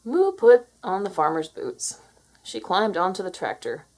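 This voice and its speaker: A woman narrating a children's storybook read-aloud in an expressive, slow and clear manner. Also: medium pitch. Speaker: storybook reader.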